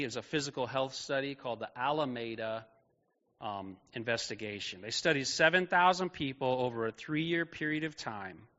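A man's voice: medium pitch, pushed and bright, muffled recording. Man preaching in a reverberant church hall. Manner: conversational, asks the audience questions. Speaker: pastor. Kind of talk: sermon. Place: church auditorium.

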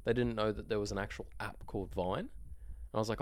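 A man's voice: lowish voice, fairly even intonation, quick pace. A young man with an Australian accent, co-hosting a casual chat, rambling and laughing at his own stories. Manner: laughs often, rambling and self-mocking. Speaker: podcast co-host.

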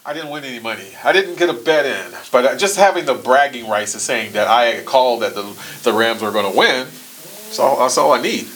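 A man's voice: medium pitch, animated, brisk, a bit bright, low-quality recording. A man hosting a podcast, easygoing and laughing along as he asks questions. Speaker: podcast host. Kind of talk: casual chat.

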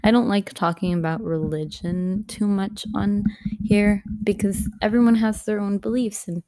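A woman's voice: medium pitch, fairly even intonation, normal speed, mellow, dry recording, clean studio sound. A young woman hosting her own podcast from home on a laptop mic, chatting casually and drifting between topics with lots of fillers. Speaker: podcast host. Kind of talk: casual solo podcast chat.

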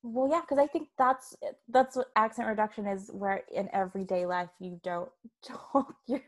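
A woman's voice: medium pitch, moderate pace. An Australian woman hosting a podcast, chatty and rambling, often breaking into laughter. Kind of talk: podcast conversation.

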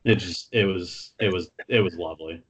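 A man's voice: deep voice, normal speed, a little hiss or hum. A man co-hosting a sports talk show, casual and profane, telling a story.

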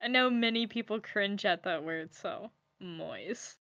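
A woman's voice: medium pitch, measured pace, a bit bright, dry recording, dull audio. A woman chatting casually with friends, playful and giggly, teasing the others. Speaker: podcast co-host. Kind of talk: casual chat.

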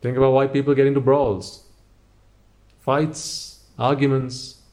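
A man's voice: mid-range voice, flat delivery, unhurried, a little mellow. A man giving a motivational talk, speaking straight to the listener with a stream of rhetorical questions.

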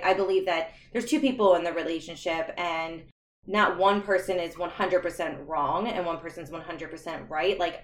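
Reflective young woman, low voice, roomy echo. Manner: earnest, reflective, laughs between remarks. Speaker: podcast guest. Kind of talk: candid personal storytelling.

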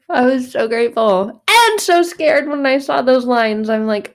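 A woman's voice: a little high, animated, moderate pace, creaky, hardly any pauses. A woman giving a casual spiritual monologue, speaking emphatically and bluntly, with repetitive phrasing. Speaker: faith vlogger.

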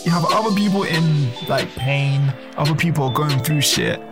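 A man talking in a casual, swearing rant, animated and acting out quoted voices. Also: on the high side, moderate pace, music in the background. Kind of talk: casual monologue to camera.

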